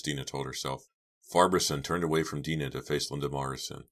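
Very deep male audiobook narrator. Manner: measured, steady reading. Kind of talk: scripted narration.

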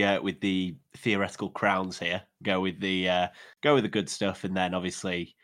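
A man's voice: deep voice, flat delivery, moderate pace, a bit bright. A man with an English accent chatting on a sports podcast, self-deprecating and full of restarts. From England. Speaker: podcast co-host, football analyst. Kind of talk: casual sports podcast chat.

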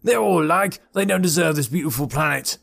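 A man voicing a scornful forest dweller in an audiobook, yelling with contempt. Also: fairly high pitch, a little fast, creaky, breathy edge, voice pushed up, heavily acted.

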